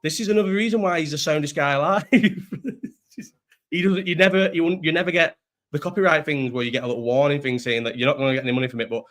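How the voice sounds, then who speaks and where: Young man, Scouse accent, live-stream host, rambling, sweary, rapid delivery, slightly high voice. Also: fairly bright tone. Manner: rambling, swears freely, restarts often. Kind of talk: casual live-stream chat.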